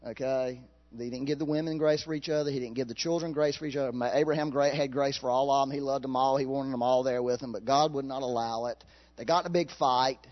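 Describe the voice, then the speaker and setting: A man preaching a sermon in a folksy, animated way, laughing at his own jokes. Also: mid-range voice, quick pace, lo-fi sound.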